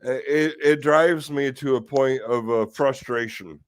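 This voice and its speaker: A man's voice: medium pitch, takes it slowly, dry recording. A man hosting a casual talk stream, ranting in exasperation with rhetorical questions and the odd curse. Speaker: host of a live talk stream.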